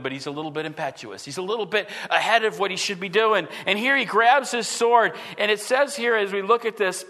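A male pastor preaching a sermon, animated and full of rhetorical questions, swinging from loud emphasis to hushed tones. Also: sits high. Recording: long hall reverb.

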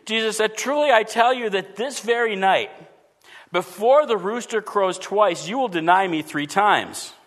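A man preaching a sermon to his congregation, earnest, often dropping his voice low when he voices what people think. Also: a bit bright. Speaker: pastor.

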